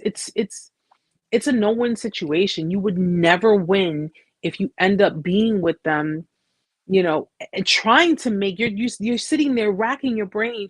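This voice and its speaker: A woman's voice: medium pitch, no echo. Woman, American, host, casual, blunt, slangy, repeats herself, dry close sound. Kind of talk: live chat storytelling.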